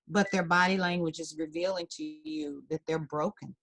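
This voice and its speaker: A woman's voice: lowish voice, moderate pace, few pauses. A woman counselor, a talk-show guest, giving parenting advice in an emphatic, teacherly way. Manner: emphatic, teacherly, repeats key points. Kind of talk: advice in an interview.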